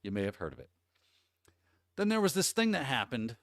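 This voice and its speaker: A man's voice: on the low side, sing-song, moderate pace, no echo, clean studio sound. A man from the Midwest of the US hosting a casual livestream. He talks in an upbeat, rambling way and greets viewers by name. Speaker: host.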